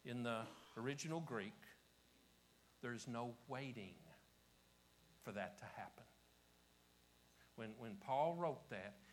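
A man with an Appalachian accent preaching a revival sermon to a church congregation, swinging from shouting to hushed whispers and repeating his phrases. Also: mid-range voice, a little hiss or hum, low-quality recording. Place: church service before a congregation.

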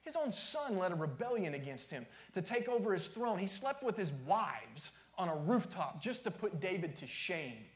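A man's voice: high-pitched, sing-song, moderate pace, hardly any pauses, roomy sound. A man preaching a sermon as pastor, emphatic and repetitive, sometimes dropping to a near-whisper.

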